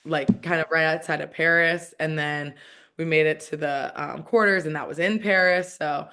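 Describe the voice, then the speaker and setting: A woman's voice: sits low, steady tone, moderate pace, pushed and bright, clean tone. A woman in her thirties in a casual interview, talking in a chatty way with lots of "like" and restarts. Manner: chatty, heavy use of "like", frequent restarts. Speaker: guest, professional soccer player.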